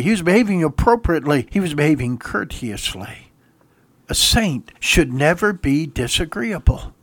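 A man's voice: fairly high pitch, no room sound. Man preaching with emphatic exhortation. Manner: emphatic, exhorting, with brief laughs. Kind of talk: sermon.

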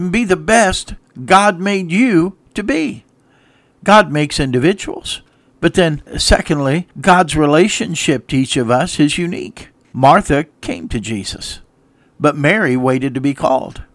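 A man's voice: a little high, measured pace. A man preaching a folksy radio sermon, reading scripture in old wording and building emphasis with rhetorical questions. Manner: reads scripture in King James wording.

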